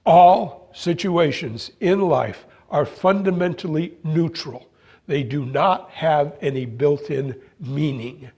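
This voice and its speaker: Brief: high-pitched man, playful spiritual speaker, anecdotal with halting restarts. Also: a little mellow, breathy edge. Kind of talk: motivational spiritual talk.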